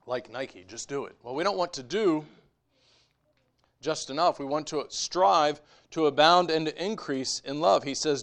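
A man preaching a sermon as pastor, moving between quiet conversational asides and raised, emphatic exhortation. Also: on the high side, a little slow.

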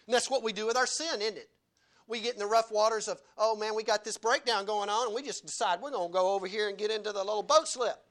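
A man delivers a sermon with a high, bright voice. He hammers his points home and keeps asking the congregation questions. He sounds like a pastor preaching from the pulpit in church. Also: fast. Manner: emphatic, asks the congregation repeated rhetorical questions.

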